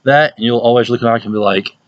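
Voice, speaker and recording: A young man, a youth pastor telling stories in a casual, animated way and often laughing. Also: medium pitch, quick pace, dry recording, highs cut off. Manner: animated storytelling, laughs often, puts on voices for people he quotes. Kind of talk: casual talk to a youth group.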